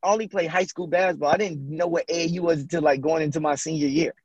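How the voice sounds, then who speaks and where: A former basketball player from Houston, Texas, in his late 30s, talks fast in a voice on the high side as a podcast guest in a casual storytelling interview, animatedly acting out quotes and laughing often. The audio has no echo but its highs are cut off.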